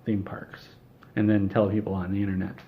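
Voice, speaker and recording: Low-voiced man rambling through an absurd tale. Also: level tone, fairly quick, narrow, tinny audio, slight background noise. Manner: rambling, offhand, with fillers and restarts. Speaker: storyteller. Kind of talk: comedic absurd storytelling.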